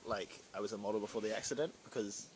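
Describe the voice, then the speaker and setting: A young drag performer talks fast in a lowish, fairly even voice while answering viewers on a livestream, with background noise behind him. His casual chat about live comments is packed with fillers and wandering asides.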